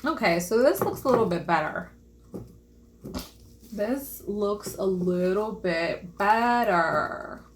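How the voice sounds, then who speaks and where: A woman's voice: medium pitch, fairly bright tone, a little hiss or hum. A young woman chatting to viewers while she paints a craft, casual and self-deprecating. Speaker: vlogger. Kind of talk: casual craft vlog chat.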